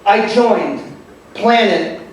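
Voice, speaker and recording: Middle-aged man, stand-up set, higher voice, very echoey room, distant mic. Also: extremely slow. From Italian-American. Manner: exaggerated storytelling, acts out his own voice in quotes. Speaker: stand-up comedian. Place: comedy club stage. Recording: echoey club recording from far off. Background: audience laughter.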